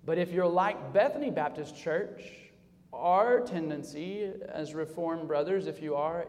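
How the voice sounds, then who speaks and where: A male pastor preaching a sermon, dropping low and quiet, then rising loud for emphasis. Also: a little slow, in a large hall. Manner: preaching with sharp swings between soft low passages and loud raised emphasis. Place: church sanctuary.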